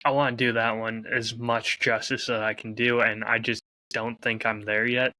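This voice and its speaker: A man with a mid-range voice and a bright, forceful tone, recorded close and dry with no room sound. He speaks earnestly and hesitantly in casual podcast chat, often pausing to find his words. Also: mid-range voice, level tone, dry recording. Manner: hesitant, lots of ums and restarts, earnest. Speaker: podcast co-host.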